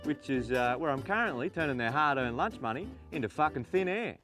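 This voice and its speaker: A man's voice: medium pitch, lively intonation, fairly quick, natural voice. An actor with an Australian accent playing a scheming, lazy male tradesman who boasts and swears as he tells his story. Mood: boastful. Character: scheming lazy Aussie tradie, male, cocky. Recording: clip with guitar music behind.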